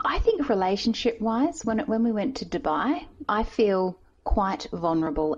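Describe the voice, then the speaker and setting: A woman's voice: fairly low pitch, darkish tone. A woman podcast host in casual interview chat, earnest and thinking aloud. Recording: dull lo-fi recording.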